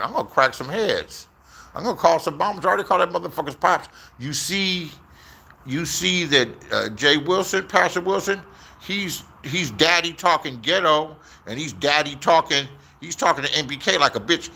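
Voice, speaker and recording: A man's voice: a little high, animated, normal speed, vocal fry, sharp tone. A man telling stories in a casual, rambling rant, swearing a lot and repeating his phrases.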